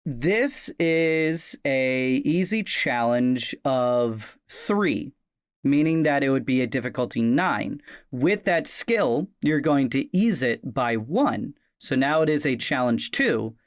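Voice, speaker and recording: Relaxed man running a tabletop game. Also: medium pitch, takes it slowly, dry recording, clean studio sound. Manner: explanatory, relaxed, filler-heavy. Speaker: game master.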